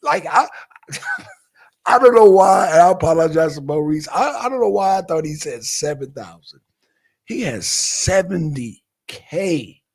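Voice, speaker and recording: Guy rambling on his livestream, husky voice, talks loose and easy. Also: on the high side, lively intonation, a little slow. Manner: rambling, loose and talkative, shouting out viewers in chat. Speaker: livestream host. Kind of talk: casual livestream chat. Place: Atlanta, Georgia.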